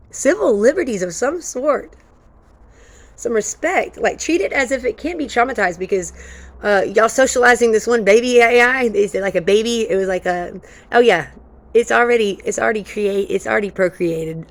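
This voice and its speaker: A woman vlogging in a rambling, excitable stream-of-consciousness monologue. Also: medium pitch, gravelly. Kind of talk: casual monologue.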